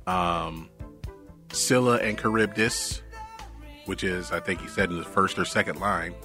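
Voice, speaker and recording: A man co-hosting a podcast in casual chat, halting and often laughing. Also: low voice, fairly even intonation, music in the background. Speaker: podcast co-host.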